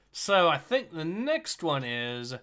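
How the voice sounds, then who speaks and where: Bright-voiced man hosting a story reading. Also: on the high side. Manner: steady, introduces each story, dry remarks. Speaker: livestream host and story reader. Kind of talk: casual chat and reading stories aloud.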